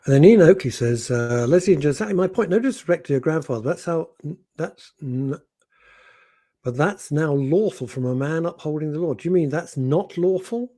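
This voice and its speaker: Brief: male radio co-host with a husky, mellow tone and a wry, rambling delivery. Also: a little high, expressive, normal speed. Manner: rambling, wry, loses his thread. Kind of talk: casual radio chat.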